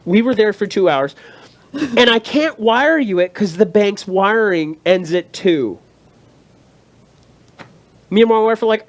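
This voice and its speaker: A man's voice: sits high, animated, a little slow, pauses often. A man in his thirties, co-hosting a casual chat show and telling a story while acting out the people in it. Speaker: co-host.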